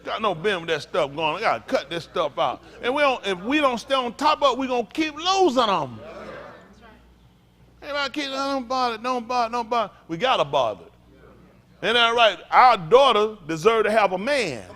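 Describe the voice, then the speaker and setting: A man's voice: extremely high pitch, expressive, normal speed, pushed and bright. A man preaching as a pastor in a blunt, profane, rambling informal sermon.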